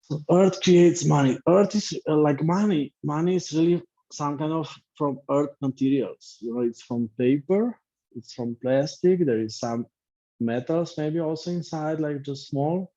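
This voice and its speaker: A man's voice: a little high, a little slow, mellow. A middle-aged man, a life coach teaching an online class in short, reflective, repetitive phrases. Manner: speaks in short reflective phrases, repeats himself. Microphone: video call. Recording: dull lo-fi video call audio.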